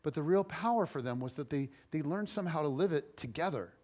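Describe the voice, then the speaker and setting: A pastor in his forties, speaking fast in a voice on the high side, delivers a conversational sermon built on personal stories. He tells them in a chatty, self-deprecating manner, with playful humor and animated storytelling.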